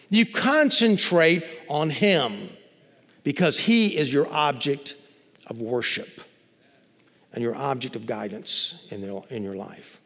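Preacher in a reverberant church. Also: male voice, medium pitch, animated, a bit bright. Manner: emphatic, drawn-out preaching with rising intensity and repetitions. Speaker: pastor. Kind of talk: sermon. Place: church sanctuary.

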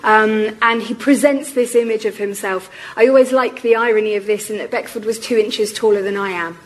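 A woman giving a public lecture on history. Her voice is going hoarse, and she explains things in a measured way with frequent ums. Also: medium pitch, steady tone, poor audio. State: losing her voice.

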